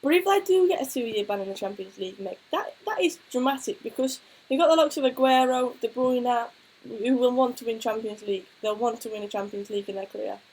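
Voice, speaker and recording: A woman's voice: a little high, brisk, darkish tone, husky, poor audio. A young woman, co-hosting a casual football chat and reading out viewer questions. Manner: chatty, reads out viewer questions. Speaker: co-host.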